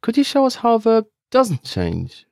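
A man's voice: very high voice, huge pitch swings, moderate pace, vocal fry, dry recording, studio quality. A man co-hosting a scripted language lesson, upbeat and encouraging toward listeners.

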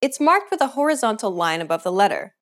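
A woman narrating a scripted language lesson in a clear, measured instructional way. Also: medium pitch, sing-song. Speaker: language teacher.

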